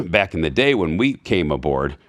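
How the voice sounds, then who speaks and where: A man's voice: low-pitched, big pitch swings, unhurried, no echo. A man in his fifties, a podcast guest, chatting casually and acting out quoted dialogue as he tells stories, with frequent asides. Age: 50s. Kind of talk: casual conversation. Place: Florida.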